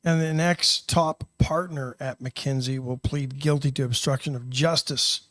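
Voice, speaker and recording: A man co-hosting a talk radio show, chatting casually and getting animated, often restarting his sentences. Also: medium pitch, unhurried.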